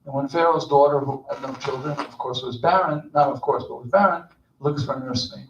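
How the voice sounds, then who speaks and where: A man's voice: mid-range voice, brisk, slight background noise. Man giving a chatty sermon from far off. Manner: conversational, digressive, joking asides. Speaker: speaker at Shabbat service. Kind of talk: informal sermon. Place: temple sanctuary. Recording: distant, echoey, dull.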